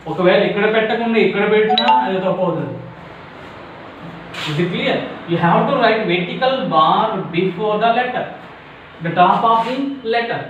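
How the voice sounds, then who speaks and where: A man with an Indian English accent teaching pronunciation, saying each word over and over and often asking "is it clear?". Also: high-pitched. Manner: repeats words slowly and checks with "is it clear?". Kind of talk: classroom pronunciation lesson. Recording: echoey room, mic far off, faint hiss.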